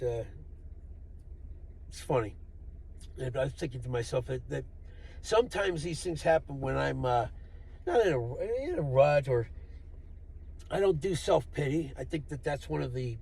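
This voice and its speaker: A man's voice: medium pitch, creaky, warm tone, breathy edge. A man telling a rambling, profane, wry story in a casual monologue, recorded in a vehicle. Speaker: vlogger.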